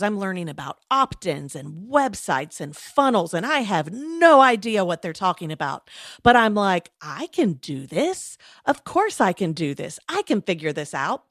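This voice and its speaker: A woman guest in an interview, telling her own story in a chatty, animated way with many fillers. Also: medium pitch, no room sound, clean studio sound. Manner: chatty, animated, lots of fillers and quoted asides. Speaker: guest, former lawyer turned coach.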